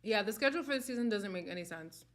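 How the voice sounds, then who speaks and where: A woman's voice: mid-range voice, lively intonation, fast. A young woman hosting a live stream, chatting casually and candidly with viewers and laughing often. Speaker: host of a live reality-show chat stream.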